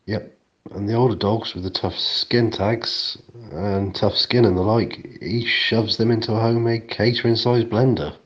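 A man in improvised comic chat, delivering absurd claims in a deadpan, matter-of-fact way. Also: on the low side, unhurried, lo-fi sound.

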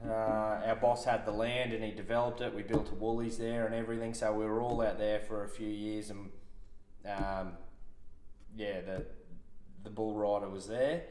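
A man's voice: fairly low pitch, level tone, normal speed, a little mellow, a little hiss or hum. A man with an Australian accent, a podcast guest telling a rowdy workplace story in casual, swearing, laughing style. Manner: swearing, laughing anecdote teller. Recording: roomy echo.

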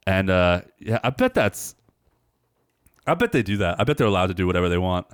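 Animated, laughing male podcast host. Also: low voice, brisk, clear, resonant tone, no echo, clean studio sound. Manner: laughing, swearing, animated storytelling. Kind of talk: casual movie review chat.

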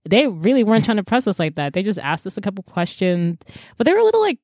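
A woman's voice: medium pitch, wildly swooping pitch, quick pace, a little mellow, dry recording, studio quality. A woman co-hosting a casual chat, retelling a story with playful voices and frequent laughter. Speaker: podcast co-host.

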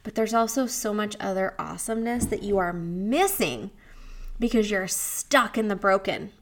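Her voice is medium-pitched and expressive at normal speed. She's a woman in her 30s who hosts a solo podcast and works as a wellness coach, talking in a chatty, candid way, laughing frequently, and voicing her inner thoughts as characters.

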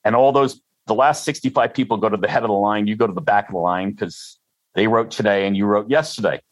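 An older freelancer as an interview guest, rambling and self-deprecating with frequent restarts. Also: male voice, lowish voice, steady tone, fast, dry recording, poor audio. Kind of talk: conversational interview.

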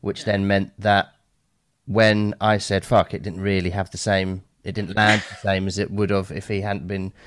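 A man's voice: low voice, flat delivery, normal speed, a bit bright, a little hiss or hum. A man chatting casually on a call, laid-back and matter-of-fact with some swearing. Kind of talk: casual chat.

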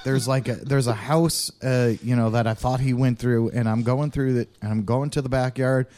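A man's voice: medium pitch, steady tone, normal speed, a little mellow. A man co-hosting a podcast, telling a rowdy story in casual chat, swearing often and laughing through it. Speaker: podcast co-host.

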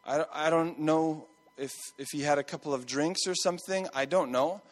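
A male pastor in his thirties preaches in a relaxed, storytelling way and circles back to repeat his key points. His voice sits a little higher than most men's. The sound carries a long reverb, like a big church hall. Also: normal speed. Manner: conversational storytelling with repeated phrases. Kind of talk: sermon.

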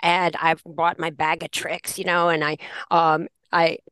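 A woman's voice: low voice, little pitch movement, unhurried, fairly bright tone, clear, resonant tone, no echo. A woman teacher telling a classroom story in a podcast conversation, acting out the lines she quotes and laughing often. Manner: laughs often while talking. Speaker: special education teacher.

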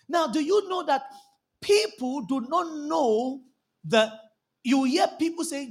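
A man preaching a sermon as a pastor, impassioned, bursting into shouts and calling for the congregation to answer back. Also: very high voice, animated, slow pace. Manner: impassioned, calls out for congregation responses. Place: church service.

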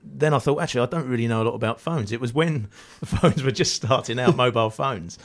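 A man's voice: mid-range voice, fast. A man who is an actor, guesting on a radio show, telling self-deprecating stories with frequent laughter. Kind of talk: casual radio chat.

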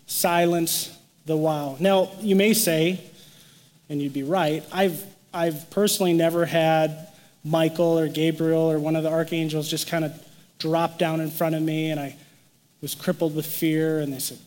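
A man's voice: on the high side, big-room sound. A man preaching a sermon as pastor, telling stories with animation and acting out quoted lines. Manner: animated storytelling, acts out quotes.

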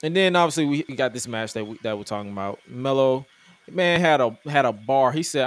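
Man, podcast co-host, casual wrestling chat, mid-pitched voice, joking rambling delivery. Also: lively intonation, a little fast. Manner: loose, joking, rambling with restarts.

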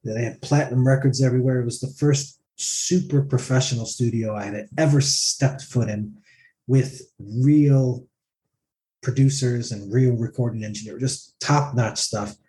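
A man's voice: medium pitch, moderate pace. A male singer in a casual interview, telling a story with animation and acting out what others said. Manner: animated, acts out others' words in quotes.

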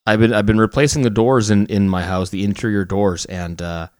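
A podcast co-host with a fairly low, darkish voice speaks a little fast with fairly even intonation, captured in a dry, clean studio recording. In casual chat, his banter is joking and boastful.

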